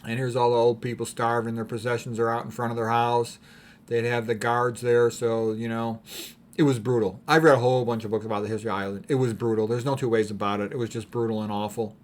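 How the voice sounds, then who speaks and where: A man giving rambling, opinionated commentary on paintings, clearing his throat often between thoughts. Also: medium pitch, little pitch movement, fast, a little hiss or hum. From United States. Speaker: art commentator.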